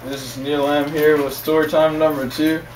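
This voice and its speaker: Young guy rambling through a story, kinda high voice, repeats himself a lot, far from the mic, echoey room, some faint noise. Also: level tone, moderate pace, darkish tone. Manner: rambling, repetitive, chuckling. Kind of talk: casual storytelling.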